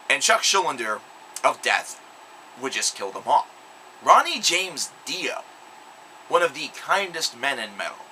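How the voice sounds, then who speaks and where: A young male video blogger with a medium-pitched, bright voice delivers a forceful, angry rant full of sarcasm and profanity. The rough recording carries a slight background noise.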